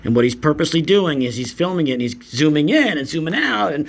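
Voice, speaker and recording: A man's voice: a little high, sing-song, quick pace, vocal fry, few pauses. A man giving casual commentary on videos in a sarcastic, mocking, profane manner. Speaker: YouTube commentator.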